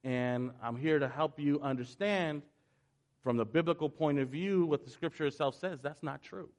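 A man teaching from scripture. He reads the passages quietly and evenly, then explains them with earnest emphasis. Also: on the high side, normal speed. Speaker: Bible teacher.

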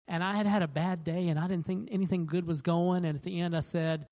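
A pastor with a mid-range voice preaches a little fast, over poor audio. His sermon is conversational, full of restarts, and he animatedly acts out the voices of the people in his stories.

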